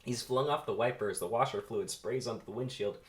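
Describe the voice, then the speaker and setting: A man's voice: mid-range voice, brisk. A man doing a comedic read-through of a film script, narrating the action with playful, self-mocking asides. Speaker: amateur script reader.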